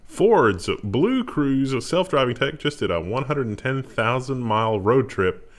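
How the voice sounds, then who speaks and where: A man's voice: mid-range voice, animated, a little slow. A man co-hosting a casual tech news show, reading headlines and cracking sarcastic quips. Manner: laughs easily, sarcastic quips.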